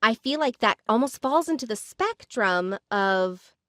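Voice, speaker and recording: A woman's voice: fairly high pitch, animated, measured pace, fairly bright tone, no echo, clean studio sound. A woman co-hosting a podcast, reflective in tone and turning questions to the others. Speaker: podcast co-host. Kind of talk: casual chat.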